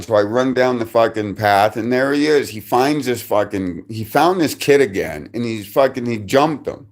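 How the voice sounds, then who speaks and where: A man's voice: medium pitch, lively intonation, normal speed, hardly any pauses. A man telling a rambling personal story on a live stream, swearing constantly and restarting his sentences.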